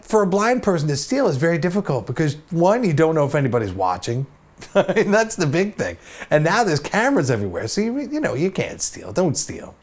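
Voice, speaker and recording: Lively, chatty storytelling man in his fifties. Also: a little high. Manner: chatty, self-deprecating, many asides. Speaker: host. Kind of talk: casual storytelling to camera.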